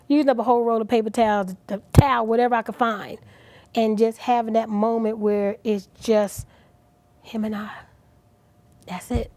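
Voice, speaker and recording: A middle-aged woman guest on a talk show, speaking earnestly and with feeling, at times dropping to a soft near-whisper. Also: on the high side, no echo. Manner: earnest, animated, drops to soft near-whispers at emotional moments. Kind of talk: inspirational talk show interview.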